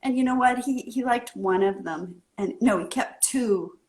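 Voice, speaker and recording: A woman from California, a guest artist in a casual interview, telling her story in an animated way and acting out the scene. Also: on the high side, normal speed.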